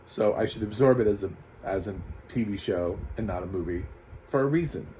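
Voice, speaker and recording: A man with a fairly low voice recaps a TV episode in a loose, rambling way and keeps tossing in sarcastic jabs. A faint hum sits underneath his voice. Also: brisk, warm tone, low-quality recording. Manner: sarcastic, rambling, laughs often. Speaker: TV recap reviewer. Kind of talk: casual spoken review.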